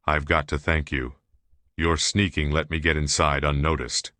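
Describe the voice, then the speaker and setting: A man's voice: a bass voice, flat delivery, normal speed, sharp tone, no echo. A man voicing a kind female police officer with a rural manner who reassures a rescued girl in an audiobook. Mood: reassuring. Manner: reassuring, folksy.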